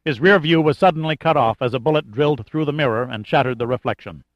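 A male audiobook narrator reading a thriller in a steady, even storytelling voice of middle pitch. The recording is dull and lo-fi, and bone dry with no room around it. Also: quick pace, no room sound. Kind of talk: scripted narration.

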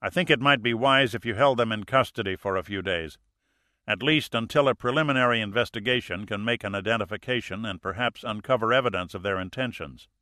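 A man voicing a calm, sardonic male adventurer who speaks firmly. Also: on the low side, a little fast, no echo, clean studio sound. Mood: grave.

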